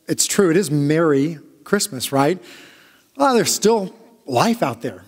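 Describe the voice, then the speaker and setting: A male pastor giving a conversational sermon, telling stories in a halting way with frequent restarts. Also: fairly high pitch. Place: church sanctuary. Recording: long church reverb.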